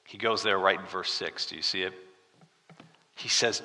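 A man preaching an expository sermon, dramatic, swinging from loud emphasis to hushed tones and asking the listeners questions. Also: low-pitched, steady tone, moderate pace, long pauses. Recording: reverberant hall.

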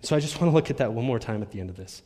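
A man's voice: animated, racing, dark tone. A man, a pastor, giving an earnest sermon and leading a closing prayer, often restarting and repeating words. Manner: earnest, rises in pitch and volume when reading scripture aloud. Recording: long reverb of a church hall.

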